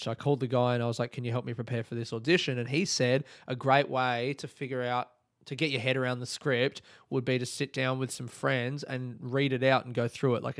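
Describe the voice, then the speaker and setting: A man's voice: mid-range voice, no room sound, clean studio sound. A young man hosting his own podcast, telling a story in a rambling, sweary way and laughing often. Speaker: podcast host and stand-up comedian. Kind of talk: casual solo podcast monologue.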